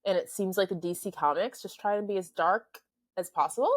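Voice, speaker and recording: A woman's voice: medium pitch, a little fast. A woman co-hosting a film review podcast, chatting casually and reading background notes. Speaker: podcast co-host. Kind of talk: casual chat.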